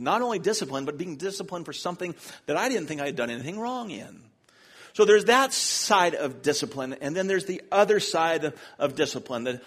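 Humorous storytelling pastor, fairly high voice. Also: male voice, a bit bright, husky. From Charlotte, North Carolina, US. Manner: self-deprecating, humorous storyteller. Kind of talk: sermon with personal storytelling. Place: church.

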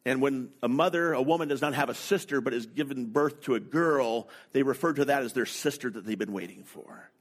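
Slow, storytelling middle-aged male pastor. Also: mid-range voice. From North America. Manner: slow, deliberate, anecdotal delivery. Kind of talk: sermon storytelling.

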